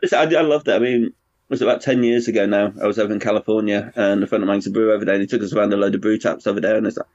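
A man, a brewer and pub owner, chatting frankly and rambling in a relaxed conversation. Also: lowish voice, racing, no room sound. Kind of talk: casual conversation. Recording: dull lo-fi sound, dry.

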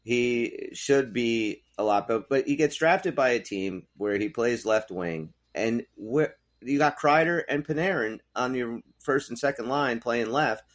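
A man's voice: medium pitch, expressive, a little slow, few pauses. A man co-hosting a podcast, chatting casually about hockey and swearing freely. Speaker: podcast co-host. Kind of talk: casual sports chat.

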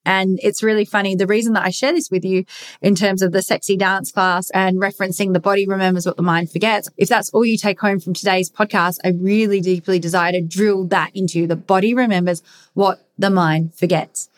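A woman's voice: mid-range voice, fairly even intonation, a little fast. A woman hosting a candid solo podcast, speaking earnestly and emphatically, repeating her key phrases and swearing casually. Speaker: podcast host.

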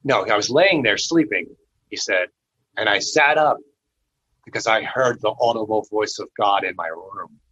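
A man recounts a personal experience in casual, earnest speech that often restarts mid-sentence. His voice is forceful and somewhat husky. The recording sounds dull and lo-fi. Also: on the low side, moderate pace. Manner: earnest, conversational, with frequent restarts. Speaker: storyteller sharing personal testimony. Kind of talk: casual spoken storytelling.

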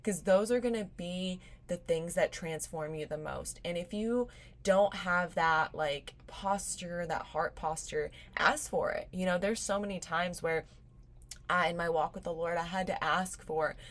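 A young woman hosts a devotional podcast, her voice sitting a little low for a woman. She talks in a casual, earnest and encouraging way, at times sounding moved close to tears. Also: a little slow. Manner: earnest and encouraging, gets teary and laughs. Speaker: podcast host.

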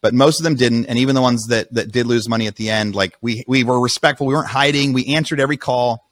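A man, a podcast guest, telling his own story in a casual, animated way, often breaking off and restarting his sentences. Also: medium pitch. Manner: rapid, animated retelling with restarts.

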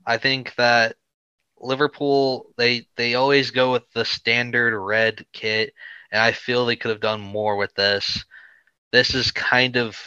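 A man with a bright, crisp, smooth voice co-hosts a casual podcast. He gives blunt opinions, often pausing on fillers. The recording is dry and close. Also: medium pitch, flat delivery, no echo, highs cut off. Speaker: podcast co-host. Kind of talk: casual chat.

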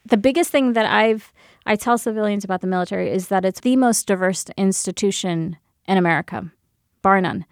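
A woman's voice: mid-range voice, no echo, studio quality. A woman and military veteran telling a personal story candidly, swearing freely and laughing as she goes.

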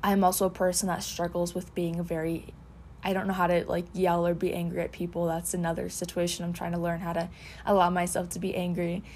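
A woman's voice: fairly low pitch, monotone, brisk, darkish tone, slight background noise. A woman hosting a casual podcast, talking in an earnest, heartfelt way about communication and boundaries. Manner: earnest, repetitive, heartfelt phrasing. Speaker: podcast host. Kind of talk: casual reflective chat.

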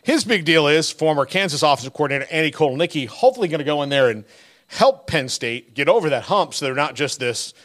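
A man talking sports on a podcast, animated and quick to laugh at his own stories. His voice sits a bit high for a man. He talks in a loose, casual way. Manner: animated storyteller, laughs through his anecdotes. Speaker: podcast co-host.

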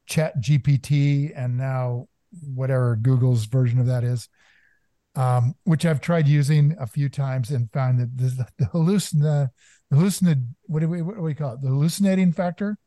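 A man's voice: mid-range voice, fairly even intonation, normal speed, mellow, no room sound. An older man hosting a podcast, jovial and joking in casual chat. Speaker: podcast host.

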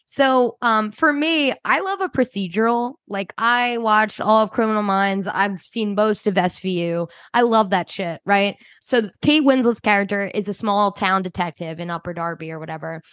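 A woman's voice: mid-range voice, moderate pace, hardly any pauses, a bit bright, dry recording. A woman from the Philadelphia suburbs hosting a podcast, chatting casually and swearing now and then. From Delaware County, Pennsylvania. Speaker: podcast host.

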